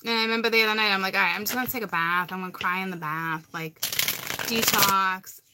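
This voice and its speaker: On a live tarot stream, a woman with a Massachusetts accent chats and rambles casually, often repeating herself. Her medium-pitched voice is fairly even in intonation and fairly quick, with heavy background noise behind it.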